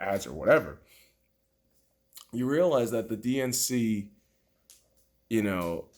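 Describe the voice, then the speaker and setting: On his podcast, a man delivers a mocking, profane and heated political rant that lurches from loud outbursts to low muttering.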